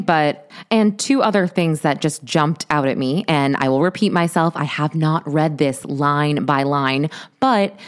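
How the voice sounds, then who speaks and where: A woman's voice: sits low, clean tone. A woman hosting a podcast, talking through news stories in a chatty, opinionated way with lots of asides. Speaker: podcast host. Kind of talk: casual solo commentary.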